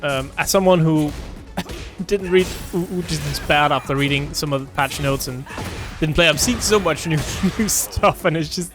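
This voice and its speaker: A man's voice: on the high side, moderate pace, music in the background. A man co-commentating a fighting game tournament, laid-back and often agreeing with short replies. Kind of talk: casual esports commentary.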